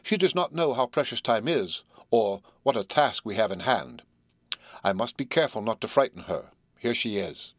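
A man narrating a classic novel as an audiobook in a measured, even storytelling voice. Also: mid-range voice, no room sound, studio quality. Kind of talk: scripted narration.

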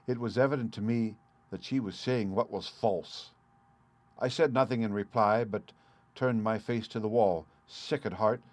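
A man narrating a story in the first person, measured and earnest, in a dry close recording. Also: lowish voice, dry recording. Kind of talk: scripted audiobook narration.

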